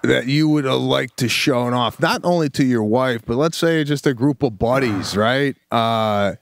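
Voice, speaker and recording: This is a man co-hosting a laid-back comedy chat, spinning stories and slipping into voices of the people in them. The sound is dry and close, with no room around it, and his pitch sits right in the middle for a man. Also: unhurried, creaky, no room sound. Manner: animated storyteller, acts out family voices. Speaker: podcast co-host.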